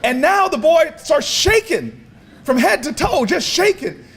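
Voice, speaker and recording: A man giving an impassioned, preacher-style speech at a convention, telling stories with repeated words and building to shouts. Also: extremely high pitch, very animated, unhurried, some chatter behind. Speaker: speaker at a convention. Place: large convention hall.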